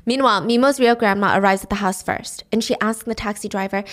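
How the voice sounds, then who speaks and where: A woman's voice: medium pitch, fast. A woman casually recapping a drama's plot, telling it with animation and briefly voicing its characters.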